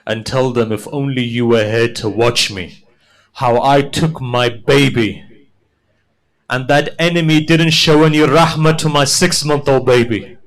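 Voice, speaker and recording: A man preaching a mourning sermon at a middle pitch. He tells the story slowly and quotes each figure, then climbs into high, loud, grief-stricken cries. His delivery sounds impassioned and devout. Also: poor audio. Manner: builds from soft storytelling to high, loud, wailing climax; quotes figures in dialogue while narrating. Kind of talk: Muharram sermon, mourning narration.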